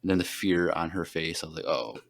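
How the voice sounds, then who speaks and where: A man's voice: low-pitched, little pitch movement, fast talker. A man hosting a podcast, chatting casually through an episode recap and filling his speech with "like" and "um.". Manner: rambling, heavy on fillers like "like". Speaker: podcast host.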